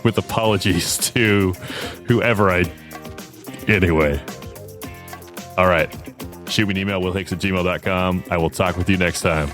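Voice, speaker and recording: A man's voice: deep voice, steady tone, moderate pace, pauses often, music in the background. A man hosting a podcast interview in a casual, chatty way, often trailing off and restarting. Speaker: podcast host.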